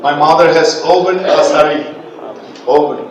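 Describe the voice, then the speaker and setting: A Bangladeshi man whose first language is Bengali, teaching English pronunciation in a classroom, modelling words with lively jokes and laughter. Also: fairly high pitch, moderate pace, lo-fi sound. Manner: animated, joking, laughs often, models words for students. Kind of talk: classroom lecture with repeat-after-me drills. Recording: echoey classroom, distant mic, background noise.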